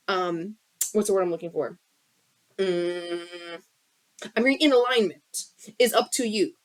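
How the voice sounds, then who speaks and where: Speaking into her phone in a dry recording, this spiritual coach has a mid-range voice and an unhurried pace, pausing often. She streams live from her bedroom, cursing openly through a fiery, frank talk on healing.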